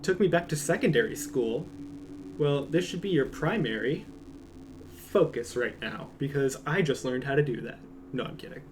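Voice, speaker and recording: A man's voice: medium pitch, expressive, normal speed, a little hiss or hum. A young man, a streamer, chatting casually and reading comments aloud with a joking, rambling manner that trails off into mumbles.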